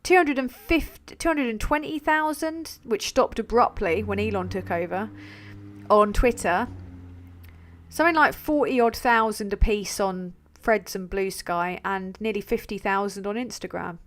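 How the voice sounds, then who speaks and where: A woman's voice: medium pitch, normal speed. Blunt, sweary woman streaming. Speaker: livestream host. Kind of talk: live-stream commentary and reading out viewer messages.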